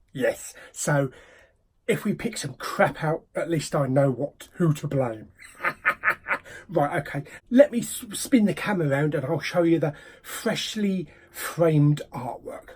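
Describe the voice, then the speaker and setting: A man's voice: on the high side, breathy edge. A man hosting a casual, jokey unboxing vlog, often dropping into whispered asides. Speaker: YouTube host.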